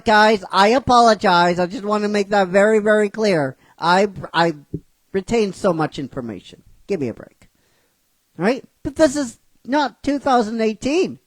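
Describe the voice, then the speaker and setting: A woman hosting a show, ranting in excited disbelief, swearing and laughing. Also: on the high side, no room sound. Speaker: host. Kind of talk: casual ranting commentary.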